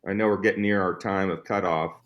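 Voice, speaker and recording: A male host with a fairly low voice chats casually with his guest. He reacts with short, quick interjections and laughs along with the stories. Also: fairly even intonation, dull audio.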